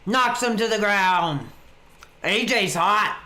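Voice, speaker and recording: A man's voice: high-pitched, expressive, slow pace, sharp tone. A man chatting casually on a webcam stream, reacting to a wrestling match as he watches along. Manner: laid-back, chatty, reacting to the action.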